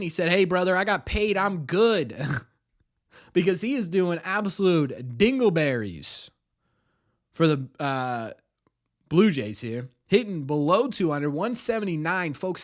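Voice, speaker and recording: A man's voice: a little high, sing-song, a little slow. A young man streaming a baseball watch party, switching between a mock announcer voice and chatty asides to his viewers. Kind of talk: casual livestream commentary.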